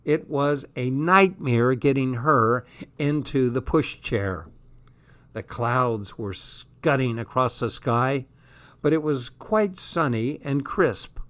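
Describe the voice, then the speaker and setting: A man's voice: mid-range voice, slow, fairly bright tone. A man reading a comic first-person diary aloud with dry, sardonic delivery. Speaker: audiobook reader.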